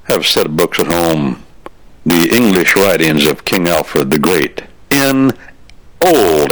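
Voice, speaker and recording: A man's voice: sits low, a bit bright, low-quality recording. A man delivering a folksy, opinionated storytelling monologue on the radio, spinning homespun anecdotes.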